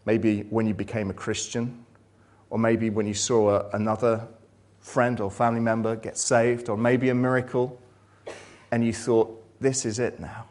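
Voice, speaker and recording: A man preaching a sermon, reading scripture and retelling it dramatically, swinging from loud excitement to hushed, low passages. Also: normal speed.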